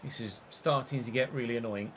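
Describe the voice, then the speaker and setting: A young man giving live commentary over a football video game, calm at times, then swearing and shouting at the game in frustration. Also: medium pitch, a little fast, a little hiss or hum. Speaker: gaming streamer.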